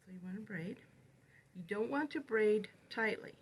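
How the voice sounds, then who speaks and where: A woman's voice: mid-range voice, normal speed, a little hiss or hum, low-quality recording. A woman teaching how to make tassels, talking through each step of a hands-on demonstration. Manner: step-by-step, repeats "you're gonna". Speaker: knitting instructor.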